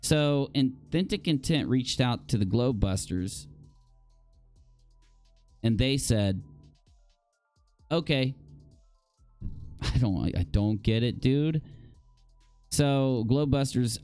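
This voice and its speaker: Exasperated live-stream host reading comments. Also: male voice, medium pitch, lively intonation, takes it slowly, pauses often, darkish tone, no echo, faint music behind. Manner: exasperated, incredulous, rambling with sighs and repeated exclamations. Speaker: podcast talk show host.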